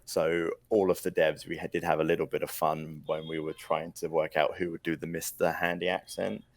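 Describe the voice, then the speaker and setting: A British man, a guest on a podcast, explaining his team's plans in a measured, casual way. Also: extremely low pitch, level tone, gravelly, no echo. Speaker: mod team lead, podcast guest.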